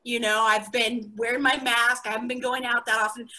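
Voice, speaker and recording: A young woman from the United States doing a chatty, self-mocking stand-up set over a video call. She acts out the friends she quotes in high, excited voices. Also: a little fast, poor audio. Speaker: stand-up comic.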